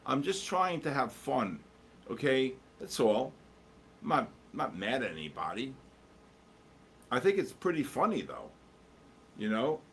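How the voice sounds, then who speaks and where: A man's voice: medium pitch, sing-song, measured pace, gravelly, pauses often, a little hiss or hum. Rambling, jokey male livestream host. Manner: rambling, jokey, answers chat while watching charts. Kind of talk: casual live market commentary.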